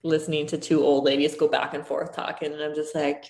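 A woman's voice: low-pitched, little pitch movement, fairly quick, vocal fry, darkish tone. A woman in her thirties chatting casually, full of "like" fillers. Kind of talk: casual chat. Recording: roomy echo.

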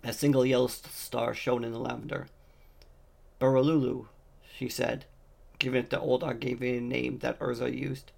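A man's voice: mid-range voice, flat delivery, moderate pace, vocal fry, darkish tone. A man reading a fantasy novel aloud, voicing the dialogue lightly in his own voice. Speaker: audiobook reader.

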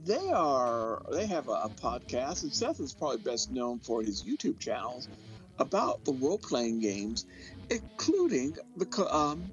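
A man co-hosting a podcast in casual chat, speaking slowly and deliberately with dry jokes. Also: medium pitch, sing-song, dull audio, soft background music. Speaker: podcast co-host.

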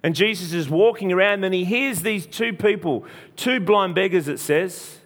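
A man's voice: sits high, moderate pace, fairly bright tone. A man preacher retelling a story in a sermon, speaking earnestly, repeating phrases and restarting often. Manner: earnest, repetitive, frequent restarts.

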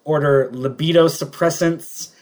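A man's voice: a little high, fairly even intonation, a little slow. Rambling man retelling comic scenes. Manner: rambling storyteller who retells scenes with lots of "like" and chuckles. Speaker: podcast co-host. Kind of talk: casual chat.

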